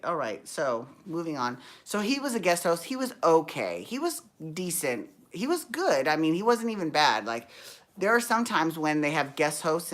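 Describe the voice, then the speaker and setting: A woman with a deep, low voice chats through a TV show recap. Her delivery is sassy and campy, full of gossipy slang. She rambles and corrects herself as she goes. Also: fairly bright tone. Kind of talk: casual TV recap chat.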